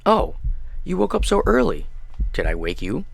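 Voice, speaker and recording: A man voicing a gentle middle-aged mother back from the grave, soft, doting and eerily calm, in a horror game. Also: on the high side, normal speed, creaky, voice pushed up, heavily acted.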